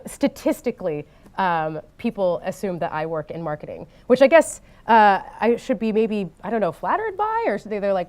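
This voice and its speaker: A woman giving a talk at a design conference to an audience. She often pauses with ums and uhs and grows animated when she tells an anecdote. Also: lowish voice, clear, resonant tone. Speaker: conference speaker. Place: conference stage before an audience.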